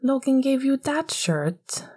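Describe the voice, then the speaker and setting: A woman's voice: medium pitch, lively intonation, slow pace, warm tone, breathy edge. A woman voicing a shy young man who speaks in short, hesitant lines. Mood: awkward. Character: shy, awkward young man, hockey player.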